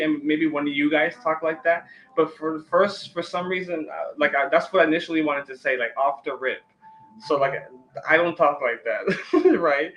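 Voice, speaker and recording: A man's voice: fairly high pitch, a bit bright, a little hiss or hum, rough recording. A man hosting a live-stream tarot reading, talking loosely with many fillers and restarts.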